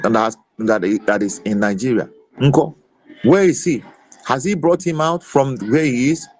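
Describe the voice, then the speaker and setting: A man's voice: medium pitch, dry recording. A man speaks with fervent, emotional conviction, repeating himself and restarting his phrases. His voice sits in a middle register. The sound is dry and close. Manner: fervent, repetitive, with many restarts. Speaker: speaker in online audio room. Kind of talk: impassioned political speech.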